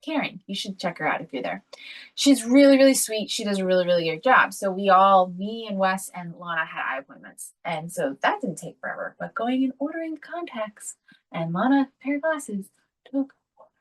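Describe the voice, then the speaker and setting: A woman's voice: mid-range voice, animated, brisk, far from the mic, poor audio. A woman co-hosting a podcast, telling a family story in a casual, chatty way and often laughing as she talks. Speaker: podcast co-host. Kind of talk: casual chat.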